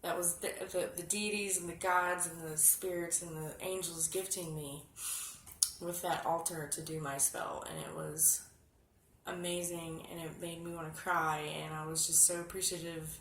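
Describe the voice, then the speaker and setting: A woman casually showing a candle spell step by step, chatty and often dropping to a hushed murmur. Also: on the low side, level tone, moderate pace. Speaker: spiritual vlogger. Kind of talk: casual how-to demonstration. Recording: echoey room with background noise.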